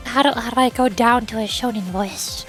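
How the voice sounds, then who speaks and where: High-voiced stammering woman streamer. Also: soft background music. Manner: stammering, animated, quick to exclaim. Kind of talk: casual chat.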